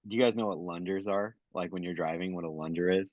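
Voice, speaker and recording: A man's voice: low-pitched, fairly even intonation, fast talker, no echo, lo-fi sound. A man, a chef guest on a podcast, rambling through stories in casual chat and swearing. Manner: rambling, laughs loudly, swears.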